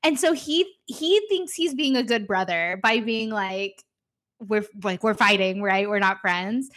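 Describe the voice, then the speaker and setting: A woman's voice: mid-range voice, unhurried, a bit bright. A young woman in casual chat, animatedly retelling a show's scenes and acting out the characters' lines. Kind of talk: casual chat recapping a show.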